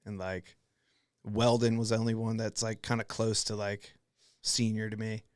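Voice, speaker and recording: A young man hosting a podcast, telling animated stories in casual chat, swearing freely and laughing often. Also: lowish voice, moderate pace, clean tone, dry recording, clean studio sound. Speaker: podcast host.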